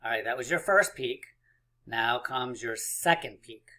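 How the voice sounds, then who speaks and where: Bright-voiced, upbeat teacher man. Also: mid-range voice, a little slow. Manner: encouraging, playful, counts aloud. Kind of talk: math lesson for young children.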